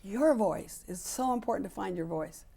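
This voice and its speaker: A woman's voice: medium pitch, lively intonation, normal speed, creaky, dark tone, breathy edge. A woman in her seventies being interviewed, speaking emphatically, acting out quoted dialogue and repeating points for stress. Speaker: interview guest, sports equality advocate. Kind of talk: candid interview conversation.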